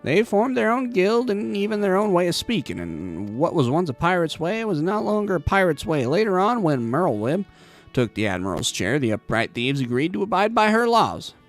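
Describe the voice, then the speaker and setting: A man's voice: high voice, sing-song, normal speed, soft background music, pitched above the performer's own voice. A man voicing a wry, seasoned male rogue guild leader who tells old stories in a video game playthrough.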